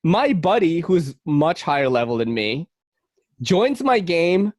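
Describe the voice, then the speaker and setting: A young man chatting casually as a podcast guest, telling stories with lively, acted-out quotes. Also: slow pace, no echo, clean studio sound. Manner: animated storyteller, acts out quotes with big pitch jumps. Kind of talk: casual chat.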